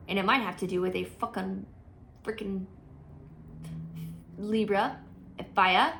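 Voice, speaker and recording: A woman's voice: mid-range voice, fairly even intonation, measured pace, vocal fry, a bit bright, slight background noise. A woman giving a casual, chatty tarot reading, thinking aloud with frequent fillers and restarts. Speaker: tarot reader.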